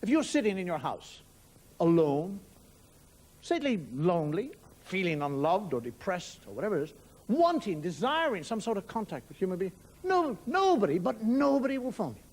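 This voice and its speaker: A man's voice: high voice, big pitch swings, normal speed, a little mellow. An Irish man performing a stand-up monologue, telling wry stories with mock outrage. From Ireland. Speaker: stand-up comedian.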